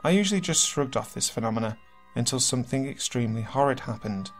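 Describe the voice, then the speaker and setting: A man reading submitted horror stories aloud as narrator, in steady, earnest storytelling. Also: mid-range voice, quick pace. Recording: faint music behind.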